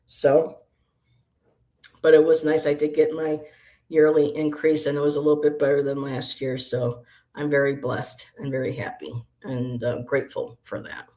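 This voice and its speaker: A woman's voice: sits low, little pitch movement, moderate pace, mellow. A woman hosting a casual livestream, chatting with viewers by name and doing card readings, rambling and laughing often. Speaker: tarot reader and livestream host. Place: apartment room.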